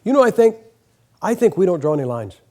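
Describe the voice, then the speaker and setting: Older man, preacher, high-pitched, animated, joking sermon, church. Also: quick pace. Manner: folksy and joking, acts out quotes. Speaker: guest preacher. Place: church sanctuary.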